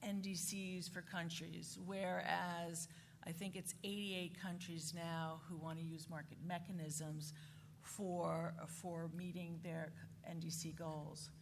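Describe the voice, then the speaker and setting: A woman speaking on a conference panel, halting and often restarting her sentences. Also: on the low side, little pitch movement. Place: conference hall. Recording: conference hall reverb, faint noise.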